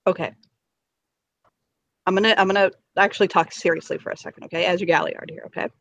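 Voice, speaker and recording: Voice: medium pitch, fairly even intonation, fast talker, vocal fry, fairly bright tone, dull audio. A tabletop game player speaking earnestly in character, hesitant, restarting sentences and checking in with "okay?".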